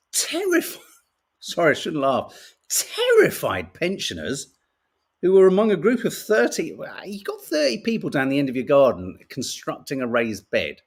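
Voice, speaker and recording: A middle-aged man with a British accent talks through the day's papers in a loose, chatty way. His voice sits a little high and swings all over the place, rising and dropping with each joke. He is wry and swears freely. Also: slightly rough. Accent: British English. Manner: chatty, wry, swears casually, laughs at stories. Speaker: podcast host reading the papers. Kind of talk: casual chat.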